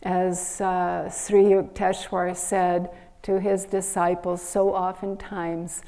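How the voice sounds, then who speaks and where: Brief: unhurried woman preacher with a mellow, low-toned voice, telling a parable. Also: flat delivery. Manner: slow, gentle storytelling with pauses. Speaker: minister giving a Sunday service. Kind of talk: sermon with storytelling.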